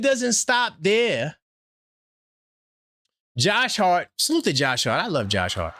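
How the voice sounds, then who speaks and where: A man hosting a casual sports fan stream, talking animatedly and trash-talking, swinging between loud outbursts and low asides. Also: huge pitch swings, slow pace, long pauses, no room sound, clean studio sound. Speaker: sports channel host.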